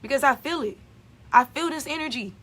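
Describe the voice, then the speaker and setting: High-voiced woman preaching spiritual release. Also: fairly quick, a bit bright. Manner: emphatic, repetitive, preachy. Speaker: spiritual channeler. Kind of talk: spiritual vlog monologue.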